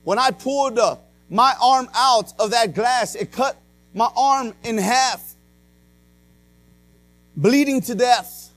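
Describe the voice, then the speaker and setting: A man with a high voice preaches a sermon as a pastor, swinging from loud to hushed as he tells his story. He peppers his talk with "uh" and "amen". A faint mains hum sits under the recording. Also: slow, long pauses, no echo. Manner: frequent "uh" and "amen" fillers.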